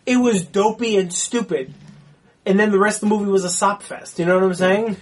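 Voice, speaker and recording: A man's voice: sits high, steady tone, a little fast, slight background noise. A man co-hosting a casual movie discussion, blunt and swearing freely. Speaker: podcast co-host.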